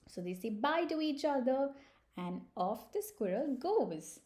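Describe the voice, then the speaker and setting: A woman reading a children's story aloud as a preschool storyteller, gentle and unhurried. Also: high-pitched, big pitch swings.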